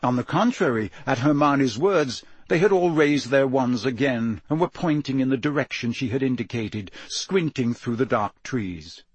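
Husky man narrating an audiobook. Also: medium pitch, normal speed, hardly any pauses, no echo. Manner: dramatic, expressive reading.

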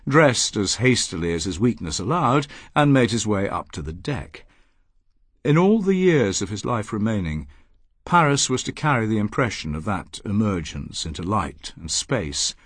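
A man narrating an audiobook with a husky, low voice that moves widely in pitch. His reading is expressive and dramatic. He is heard dry and close on a studio mic. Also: no echo.

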